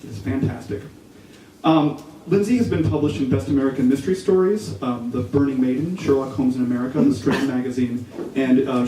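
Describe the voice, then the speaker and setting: Male bookstore host, halting, fillers, echoey space, noise behind him. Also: medium pitch. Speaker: event host introducing the author. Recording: echoey shop, mic from far off, audible noise.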